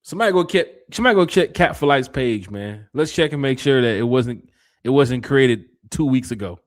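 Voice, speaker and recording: A man hosting a casual fan podcast, reading out chat comments and giving shout-outs. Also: medium pitch, expressive, fairly quick. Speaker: podcast host. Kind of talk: casual live-stream chat.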